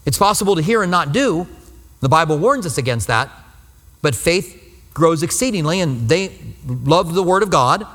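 Pastor teaching in an echoing hall. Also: male voice, on the high side, lively intonation, moderate pace, a bit bright. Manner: earnest, explanatory, repeats phrases for emphasis. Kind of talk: expository Bible teaching sermon. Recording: long reverb of a hall.

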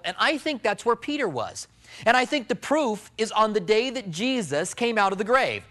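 Male preacher with a high voice, dramatic storyteller who drops to a hush for effect. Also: big pitch swings, normal speed. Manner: storytelling, swings from loud emphasis to low hushed tones. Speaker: pastor. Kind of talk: sermon.

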